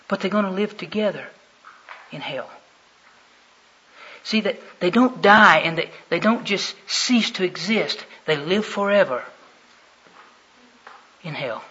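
A man preaching a sermon, with dramatic swings from hushed to loud. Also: sits high, animated, takes it slowly, pauses often, slightly rough. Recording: dull lo-fi recording.

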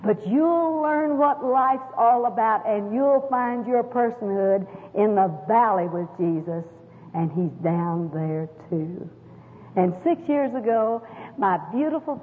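A middle-aged woman gives a folksy, emphatic spoken testimony to an audience. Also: fairly high pitch. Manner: folksy, emphatic, with sudden rises and drops. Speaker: women's speaker giving testimony. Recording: echoey hall, tinny phone-like sound.

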